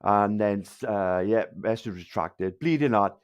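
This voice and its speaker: This lowish-voiced man talks a little slowly in his South Wales Valleys accent. He's furious, lashing out at livestream viewers with insults and a steady stream of swearing.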